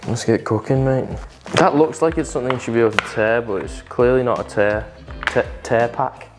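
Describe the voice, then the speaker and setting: A man's voice: medium pitch, brisk, over music. A young man chatting and joking as he learns to cook from his girlfriend. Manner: joking, self-mocking banter. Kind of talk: casual cooking chat.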